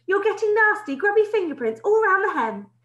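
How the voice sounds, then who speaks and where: A woman's voice: very high-pitched, very animated, fairly quick, fairly bright tone, muffled recording, voice pushed up, heavily acted. Woman reading as a fussy sing-song schoolteacher. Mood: chiding. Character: fussy prim female schoolteacher. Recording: roomy echo.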